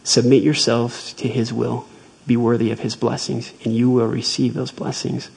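Male speaker for a devotional talk, husky voice with a gravelly edge, measured and earnest storytelling. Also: mid-range voice, flat delivery, darkish tone, poor audio. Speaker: speaker retelling a faith story.

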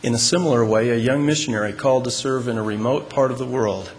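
A man giving a sermon to a congregation in a large hall, speaking in a measured, deliberate and emphatic way. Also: mid-range voice. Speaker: religious speaker. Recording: long hall reverb, faint room noise.

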